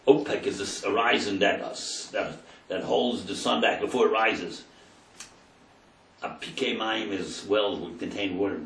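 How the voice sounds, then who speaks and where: A man's voice: fairly low pitch, fairly bright tone. A man, a rabbi, giving a Torah lesson. He retells the scripture dramatically and translates it verse by verse. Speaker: rabbi teaching a Torah class. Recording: roomy sound from a distant mic.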